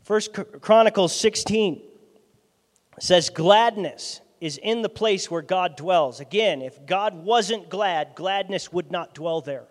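High-voiced preacher in a reverberant hall. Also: male voice, takes it slowly. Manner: lively, conversational preaching with dramatic swings in loudness. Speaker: pastor. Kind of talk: sermon.

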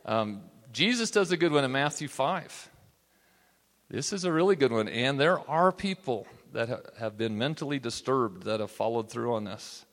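A man's voice: mid-range voice, animated, moderate pace, fairly bright tone. A man teaching a Bible study class in a conversational way, often checking in with his listeners. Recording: reverberant hall.

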